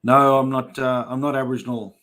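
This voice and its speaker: A man's voice: mid-range voice, flat delivery, brisk, fairly bright tone. Australian man yarning on a livestream. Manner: chatty, yarning storyteller. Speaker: livestream host. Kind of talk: casual livestream chat reading comments.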